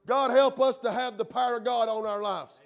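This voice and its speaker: High-voiced man preaching. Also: fairly even intonation, a little fast. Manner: emphatic preaching with frequent "uh" and "amen". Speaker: pastor. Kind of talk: sermon. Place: church sanctuary.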